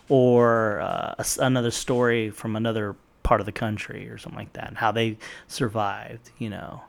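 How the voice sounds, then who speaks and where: Gravelly, rambling young podcast host. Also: male voice, mid-range voice. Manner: rambling, loose and profane, with many fillers. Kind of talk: casual solo podcast chat.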